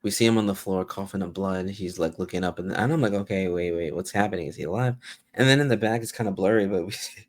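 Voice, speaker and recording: A man co-hosting a casual TV review, retelling fight scenes step by step in slangy, halting talk. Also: low-pitched, dry recording. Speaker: podcast co-host reviewing a TV episode. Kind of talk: casual chat.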